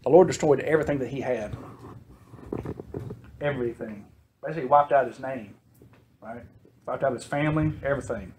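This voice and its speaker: A man's voice: medium pitch, fairly quick, long pauses, a little mellow, a little hiss or hum. A man teaching a Sunday school class, reading scripture and retelling it in a chatty way, laughing often and asking the class questions. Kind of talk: casual Bible teaching.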